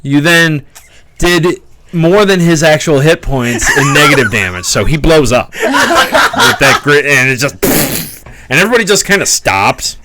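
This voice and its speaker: A man's voice: a little high, very animated, unhurried, very noisy. A man running a tabletop game as its game master, narrating combat and dice rolls in an easy, chuckling way.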